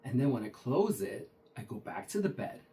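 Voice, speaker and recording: A man's voice: medium pitch, very animated, normal speed, warm tone. A man casually retelling a true ghost story, talking conversationally with frequent restarts and acted-out dialogue.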